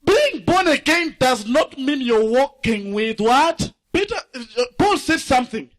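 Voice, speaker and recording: A man preaching a fiery sermon. He swings from shouts to low asides and asks the congregation to finish his lines. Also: sing-song, measured pace. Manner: asks the congregation to fill in words.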